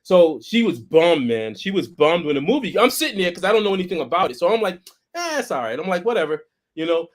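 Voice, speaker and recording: A man's voice: high voice, fast. A man on a casual podcast, telling a story with lots of restarts and quoted voices. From Boston, United States. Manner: animated, repeats words and restarts, acts out quoted voices. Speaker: podcast co-host.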